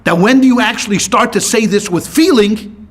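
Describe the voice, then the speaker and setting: A man's voice: sits high, normal speed. A man teaching a class as a rabbi, asking the room questions, answering them himself and telling short stories with quoted lines. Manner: lively, asks questions and answers them himself, tells anecdotes with voiced quotes. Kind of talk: classroom lecture with questions to the audience.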